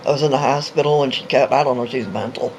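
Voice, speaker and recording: A middle-aged father in casual chat, telling stories slowly and earnestly. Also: mid-range voice, a little hiss or hum. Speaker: parent of a teenage son.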